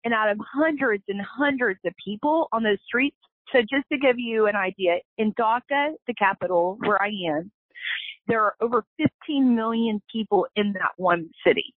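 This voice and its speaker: A woman's voice: on the high side, moderate pace, no echo. A woman, a company founder, telling her story as a guest in an earnest, emotional way. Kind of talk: casual storytelling interview. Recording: tinny phone line, dry.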